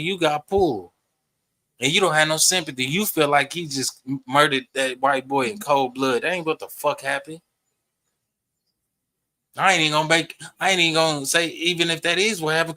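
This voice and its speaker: A man's voice: on the high side, sharp tone. A young man streaming a reaction to a debate clip, ranting with passion and a lot of profanity. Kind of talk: heated reaction rant.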